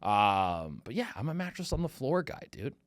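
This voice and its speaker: A man's voice: medium pitch, normal speed, dry recording, studio quality. A man in his thirties hosting a comedy podcast, ranting casually with lots of swearing and mocking quoted voices. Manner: profane, animated, mocking put-on quotes.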